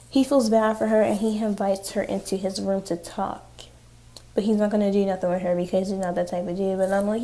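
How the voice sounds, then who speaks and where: A woman's voice: medium pitch, fairly even intonation, brisk, mellow. A young adult woman casually recapping a TV episode, chatty and sarcastic with frequent swearing. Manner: chatty, profane, sarcastic asides. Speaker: TV recap vlogger.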